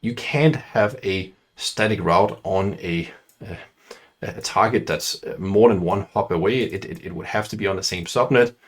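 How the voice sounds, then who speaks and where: Low husky man explaining an exam. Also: moderate pace. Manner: reads aloud, then thinks out loud with many fillers and restarts. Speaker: IT certification instructor. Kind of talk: talking through an exam question.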